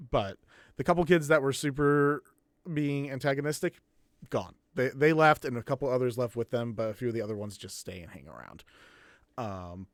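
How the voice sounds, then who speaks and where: A man running a tabletop game as game master, narrating in a relaxed, rambling way with many fillers. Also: medium pitch, dry recording, studio quality.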